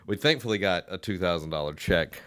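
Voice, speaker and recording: A man's voice: deep voice, lively intonation, a little fast, fairly bright tone. A young man with a Southern American accent, chatting as a podcast co-host and telling rambling stories with lots of fillers and easy laughs. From Southern United States. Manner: rambling storyteller, many fillers, laughs easily. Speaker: podcast co-host and school band director. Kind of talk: casual podcast chat.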